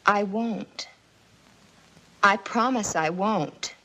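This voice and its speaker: A woman's voice: medium pitch, extremely slow, bright, forceful tone, slight background noise, full character voice, low-quality recording. An actress playing a troubled schoolgirl accused of setting fires, pleading and defensive, in 1950s TV drama style. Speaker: daughter Alice.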